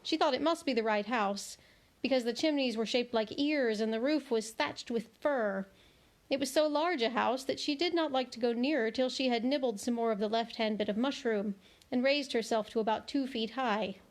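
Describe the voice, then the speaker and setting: A woman's voice: a little high, moderate pace. Woman reading a children's book aloud. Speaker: read-aloud host. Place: at home.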